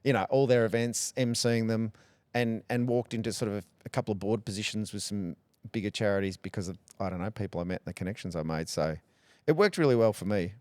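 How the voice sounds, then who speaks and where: Candid Australian man, low voice. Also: fast, a little mellow, dry recording. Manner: candid, joking, rambling storyteller. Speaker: podcast guest, radio personality. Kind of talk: relaxed conversational interview.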